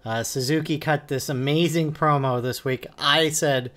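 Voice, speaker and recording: A man co-hosting a casual podcast, easygoing and hedging his opinions with a halting delivery. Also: a little high, fairly even intonation, a bit bright. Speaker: podcast co-host. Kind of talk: casual wrestling podcast chat.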